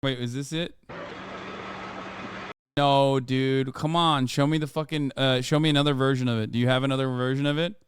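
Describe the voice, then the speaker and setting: A man's voice: mid-range voice, fairly even intonation, moderate pace, pauses often, clear, resonant tone, dry recording, clean studio sound. A man hosting a live stream, chatting casually and profanely while reacting to videos. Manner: profane, laid-back, joking. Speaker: streamer host.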